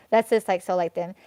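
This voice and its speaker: A woman in the middle of a live tarot reading, talking in a loose, rambling way and circling back on herself. Her voice is smooth and clear, at an ordinary pitch, and it sits close and dry on the mic. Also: dark tone, dry recording. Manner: rambling, venting, heavy use of fillers such as "like" and "you know what I mean". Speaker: tarot reader.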